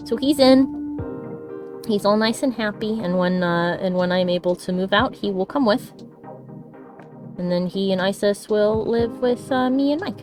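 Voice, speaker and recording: A woman's voice: fairly low pitch, moderate pace, over music. Chatty woman streaming while drawing. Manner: chatty and affectionate, laughs often. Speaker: streamer and artist. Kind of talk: casual chat while drawing.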